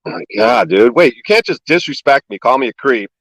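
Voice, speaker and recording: A man rattling off a rapid, sarcastic comedic rant, swearing constantly and sounding exasperated. His voice sits at an ordinary pitch and sounds close and dry, with no room around it. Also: big pitch swings, fairly bright tone, no room sound, poor audio. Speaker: comedian guest on a livestream podcast.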